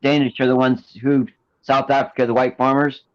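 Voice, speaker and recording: A man's voice: medium pitch, flat delivery, moderate pace, lo-fi sound. A man joining a live chat as a guest, talking hesitantly. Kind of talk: casual chat.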